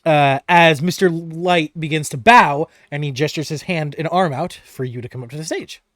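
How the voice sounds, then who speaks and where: A game master narrating a tabletop game in a playful, lively way, likely recorded at home over an online voice call. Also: mid-range voice, moderate pace, no room sound, clean studio sound.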